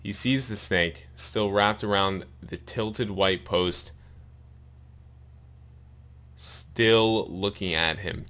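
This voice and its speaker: A man reading a long story aloud in a steady narrating voice, his mouth sore and bleeding after a wisdom tooth removal. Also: fairly low pitch, very slow, pauses often. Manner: steady read-aloud narration with pained asides.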